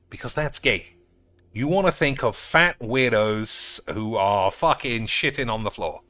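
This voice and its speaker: A man's voice: on the low side, animated, moderate pace, no room sound. Crude sarcastic male card-game streamer. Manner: crude, sarcastic, swears often; bursts into loud outbursts. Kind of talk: casual card game commentary.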